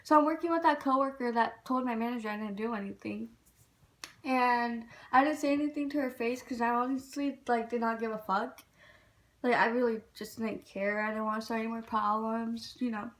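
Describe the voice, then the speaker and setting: A woman's voice: fairly high pitch, a little fast. A young woman, telling a casual, frank and profane storytime vlog about getting fired. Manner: frank, profane, animated retelling.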